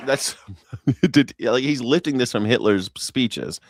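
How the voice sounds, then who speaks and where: A man's voice: medium pitch, slow pace, dry recording. A man hosting a news reaction show, with sarcastic, mocking and profane commentary. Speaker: host.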